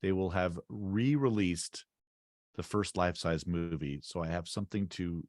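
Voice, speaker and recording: Very deep-voiced man hosting a podcast. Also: a little slow, darkish tone, no echo. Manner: steering the segment, brief backchannels. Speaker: podcast co-host. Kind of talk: casual podcast chat.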